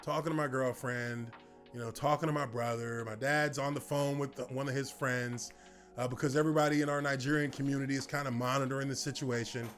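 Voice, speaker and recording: A man in his thirties telling a personal story in casual talk, relaxed and rambling with lots of fillers. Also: medium pitch, fairly quick, faint music behind. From United States. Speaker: former football player telling his story.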